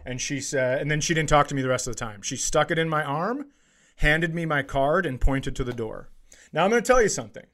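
A man co-hosting a comedy podcast, telling a story in blunt, profane, deadpan chat. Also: fairly high pitch, a little fast.

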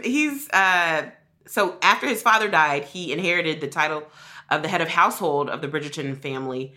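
A woman co-hosting a podcast in casual chat with lively, sassy asides. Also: sits low, normal speed. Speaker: podcast co-host.

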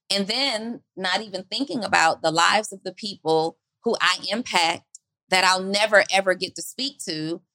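Bright-toned woman giving a motivational talk. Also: mid-range voice, no echo. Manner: earnest, rhetorical questions, preacherly build.

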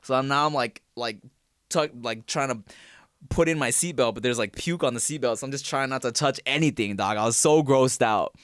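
Male podcast co-host, lively and laughing, dry close recording. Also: medium pitch, fairly quick, clear, resonant tone, no echo. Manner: animated, laughs often, tries accents. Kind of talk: casual chat and host-read ad.

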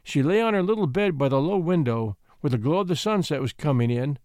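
A man narrating a classic storybook in an expressive, gently measured way. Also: fairly high pitch, no room sound, clean studio sound.

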